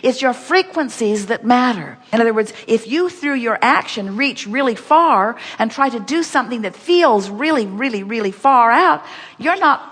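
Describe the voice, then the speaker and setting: A woman's voice: fairly high pitch, expressive, moderate pace, fairly bright tone, long reverb tail. A woman giving an inspirational workshop talk, speaking emphatically and repetitively, referring to herself as "we". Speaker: seminar speaker.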